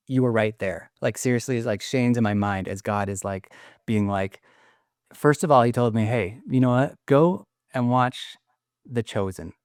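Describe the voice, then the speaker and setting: Earnest male guest, mid pitch, rambling testimony full of restarts, emotional, dry close mic. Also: dry recording. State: choked up with emotion. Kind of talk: emotional testimony in casual conversation.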